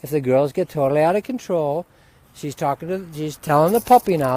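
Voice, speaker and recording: A male spiritual teacher talks off the cuff, swearing freely and swinging into loud, heated outbursts. He is outdoors, with dogs close by. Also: a little high, expressive, fairly quick. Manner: profane, heated ranting with sudden loud outbursts. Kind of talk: unscripted spiritual teaching talk.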